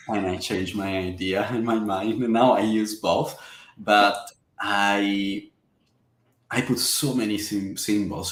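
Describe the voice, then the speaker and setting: A man from the Mediterranean region, a guest in a casual interview, speaking earnestly in halting, non-native phrasing. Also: lowish voice. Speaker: guest, tarot deck creator. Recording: echoey room.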